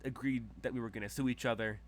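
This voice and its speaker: A man's voice: medium pitch, steady tone, fast talker, a little hiss or hum, lightly acted. A man putting on a haughty rich lady. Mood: scornful. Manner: condescending, drawling. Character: haughty wealthy woman, scornful and dismissive.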